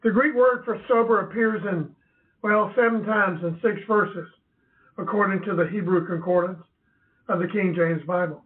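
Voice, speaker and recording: A man teaching from the Bible in a measured way, with emphatic asides. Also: sits high, distant mic. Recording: tinny phone-like sound.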